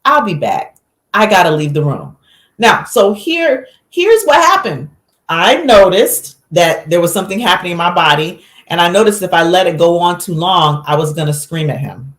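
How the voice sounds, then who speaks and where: Woman guest, lowish voice, animated storyteller, echoey room. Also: moderate pace. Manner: animated storyteller, acts out quotes. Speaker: physician guest. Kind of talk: conversational podcast interview.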